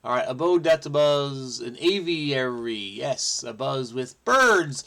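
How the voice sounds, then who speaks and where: Man, crossword host, frenetic, mutters then exclaims, gravelly, middle pitch. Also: slow. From New Jersey. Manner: frenetic, excitable, muttering asides, breaks into song. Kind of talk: thinking aloud while solving.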